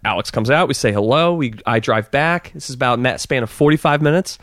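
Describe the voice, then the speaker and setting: Fast-talking man telling a story. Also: medium pitch, no echo, studio quality. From Southern California. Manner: fast, animated storytelling with many restarts. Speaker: podcast guest. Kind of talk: casual storytelling.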